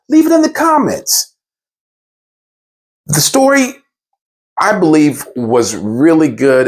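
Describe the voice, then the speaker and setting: A man telling a funny personal story in an expressive, theatrical way, then signing off his channel. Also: medium pitch, husky. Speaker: storyteller, YouTuber. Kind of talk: animated storytelling speech.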